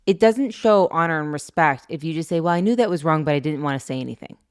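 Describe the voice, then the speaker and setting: A middle-aged woman co-hosting a parenting podcast, telling stories in a casual, animated way and laughing often. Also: low voice, fast, clean tone. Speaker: podcast co-host. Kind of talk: casual chat.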